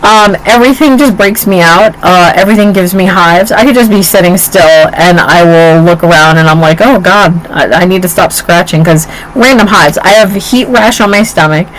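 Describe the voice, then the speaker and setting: A woman's voice: lowish voice, normal speed, hardly any pauses, a little hiss or hum, low-quality recording. A woman in her forties co-hosting a casual chat, telling stories and acting out what others said. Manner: animated storyteller, acts out quotes. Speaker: podcast co-host.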